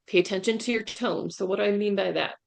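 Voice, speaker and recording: Speaking very emphatically, this woman, a career coach and webinar guest, delivers her presentation over a video call and keeps asking "right?" Her voice is mid-range with vocal fry, at a quick pace.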